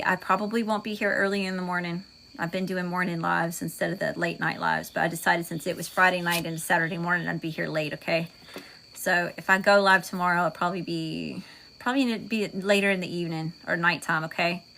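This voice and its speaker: A woman with a Southern US accent, a tarot reader hosting a livestream, moving between chatty, folksy talk with viewers and a calm guided meditation. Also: on the low side, brisk, creaky. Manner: folksy, chatty, says y'all often.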